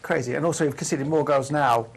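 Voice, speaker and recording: A man's voice: fairly high pitch, fast talker, vocal fry, a little hiss or hum. A man on a football podcast panel giving a matter-of-fact opinion. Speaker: panel guest. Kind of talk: casual football chat.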